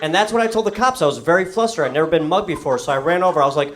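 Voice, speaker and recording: A young man from the New York area doing a stand-up comedy set, telling a story in a deadpan way with animated quoted voices, on a comedy club stage. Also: a little high, very fast, a little hiss or hum.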